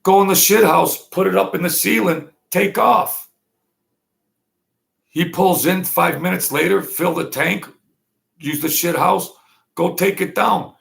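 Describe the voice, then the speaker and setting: Gravelly man, blunt and rambling. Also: high voice, a little slow, pauses often, a bit bright. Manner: blunt, rambling street talk. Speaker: vlog host. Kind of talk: casual monologue.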